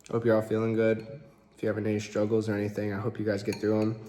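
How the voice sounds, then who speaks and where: A man's voice: lowish voice, monotone, quick pace, warm tone, slight background noise. A young man in his twenties telling a story in a casual vlog, laid-back and rambling, with lots of fillers. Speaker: vlogger. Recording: roomy echo.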